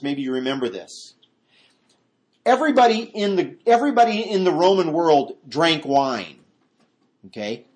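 A man preaching a verse-by-verse Bible study, talking conversationally and jumping his voice up to act out quotes. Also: a little high. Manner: animated, acts out quotes in a raised voice; conversational asides and restarts. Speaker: pastor.

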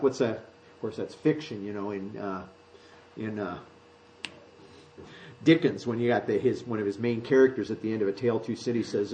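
A man preaching a sermon in a conversational way, walking listeners through slides, then rising high and loud when he acts out quoted speech. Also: expressive, normal speed, highs cut off. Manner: conversational, explains slides to the congregation.

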